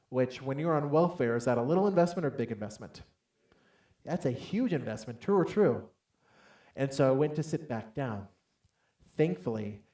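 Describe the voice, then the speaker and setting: A man giving a motivational talk from a stage to a live audience, telling a personal story with lively acted-out dialogue and calling on the crowd to answer. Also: medium pitch, roomy sound. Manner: animated storytelling, acts out dialogue loudly, calls for audience responses. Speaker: motivational speaker. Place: large hall on stage.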